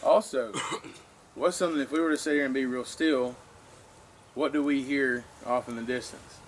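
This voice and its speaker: A man's voice: medium pitch, fairly even intonation, normal speed. A man with a Southern US accent teaching land navigation to a class, folksy and full of questions to the room. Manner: folksy, asks the room questions, many "you know" and "okay". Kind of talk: informal classroom lecture. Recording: noisy room recording.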